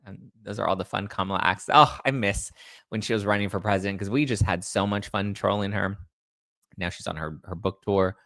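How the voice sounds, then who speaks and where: A man's voice: lowish voice, vocal fry, a bit bright, no room sound, studio quality. A man hosting a casual livestream, chatting and answering viewer comments aloud. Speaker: host. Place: Los Angeles.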